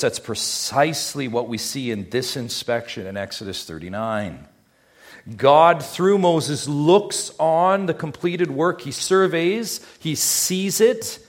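Man preaching with emphatic rhetorical questions. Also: a little high. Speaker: pastor. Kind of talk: sermon.

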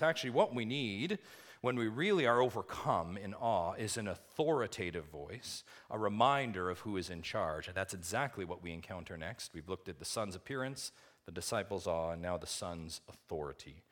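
A male pastor preaching a sermon, swinging from loud, rising emphasis to quiet, low asides and asking the congregation rhetorical questions. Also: animated, normal speed.

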